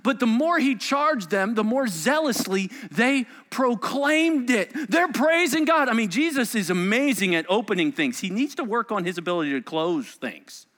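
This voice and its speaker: Pastor guy preaching in a big church, kinda high voice, goes loud then real quiet. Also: normal speed, hardly any pauses, in a large hall. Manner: animated, dramatic storytelling with sudden soft asides. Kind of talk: sermon. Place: church sanctuary.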